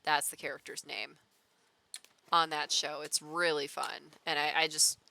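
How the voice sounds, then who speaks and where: A woman's voice: sits low, level tone, measured pace, vocal fry, pushed and bright. A young woman streaming a building game, chatting, reading chat messages aloud and talking to herself as she plays. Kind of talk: casual gameplay commentary.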